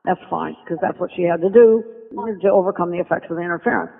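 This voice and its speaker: Older woman, gravelly voice, animated storyteller, tinny phone line, long echo. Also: lowish voice, fast talker. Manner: animated storyteller who acts out quoted speech. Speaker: podcast guest. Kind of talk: reminiscing interview storytelling.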